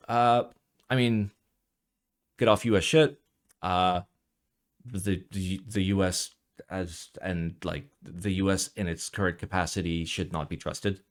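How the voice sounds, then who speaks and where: A young man ranting casually in a vlog about keyboards, profane and rambling, swinging from low mutters to loud outbursts, sounding jet lagged. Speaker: keyboard reviewer.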